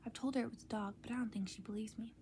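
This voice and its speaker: A woman's voice: a little high, steady tone, rapid-fire, a little mellow, slight background noise, natural voice. Woman whispering as a grumbling young boy wizard. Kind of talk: whispered role-play.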